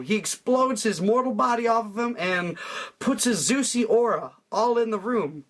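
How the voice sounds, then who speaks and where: A man's voice: high voice, normal speed, a bit bright. A young man retelling a myth as crude comedy, rambling and profane, laughing as he goes. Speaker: storyteller.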